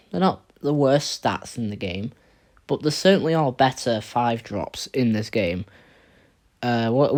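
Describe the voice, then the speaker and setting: Guy ranking cards for a vid, rambly and blunt, trips over his words a lot, middle pitch. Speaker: card game video creator. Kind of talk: casual tier list commentary.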